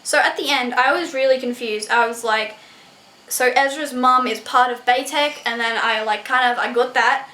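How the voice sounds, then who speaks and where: A young woman reviewing a book in a casual vlog, excitable and gushing, full of "like" and swearing. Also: on the high side, moderate pace, a little hiss or hum. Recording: echoey room.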